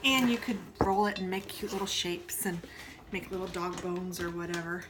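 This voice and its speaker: The noisy recording, full of clattering dishes and clicks, captures a home baking and crafting vlogger talking casually in her kitchen as she bakes. She speaks at normal speed in a steady, low-leaning voice, cooing sweetly to her dogs.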